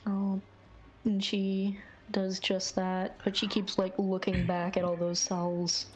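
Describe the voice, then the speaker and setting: A woman's voice: medium pitch, monotone, slow, darkish tone, a little hiss or hum, low-quality recording. A woman playing in a tabletop game, answering in short, hesitant replies with fillers. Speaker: player. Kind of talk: tabletop game play, casual chat.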